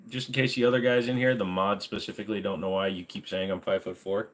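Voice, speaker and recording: A man's voice: lowish voice, level tone, fast talker, hardly any pauses. A man hosting a casual livestream, joking and rambling straight to his chat, a little short of breath. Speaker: livestream host. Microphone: desk microphone.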